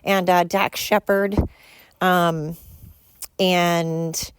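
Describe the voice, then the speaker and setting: A woman hosts a solo opinion podcast, ranting bluntly and crudely and rambling with fillers and exasperated asides. Her fairly low voice is clear and resonant, with little pitch movement and an extremely slow pace, in a dry recording.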